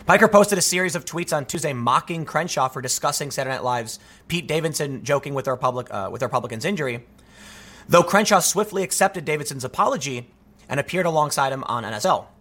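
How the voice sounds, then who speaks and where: A man delivers opinionated political commentary, reading articles aloud and reacting with emphatic disbelief. His voice sits a little high and has a bright, sharp edge. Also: lively intonation, quick pace.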